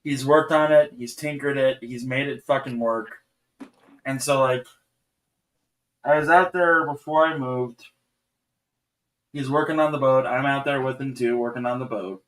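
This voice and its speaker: A man's voice: medium pitch, fairly even intonation, unhurried, pauses often, a bit bright. Wry man telling a boat story. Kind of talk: casual chat.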